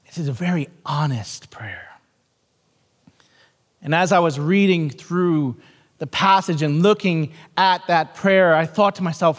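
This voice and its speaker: A man's voice: high voice, fairly bright tone. A male pastor in his forties preaching a sermon in a church, earnest and repetitive, telling stories. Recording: long hall reverb.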